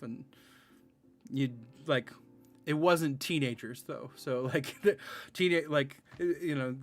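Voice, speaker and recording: Chatty male streamer with background music. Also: mid-range voice. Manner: chatty, rambling, laughs often, sarcastic. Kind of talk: casual live-stream chat.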